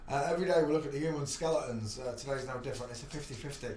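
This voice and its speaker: A man's voice: mid-range voice, racing. Chatty man in an echoey room. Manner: chatty, laughs often, talks loosely in asides. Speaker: livestream host. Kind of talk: rambling live stream chat. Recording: echoey room, faint background noise.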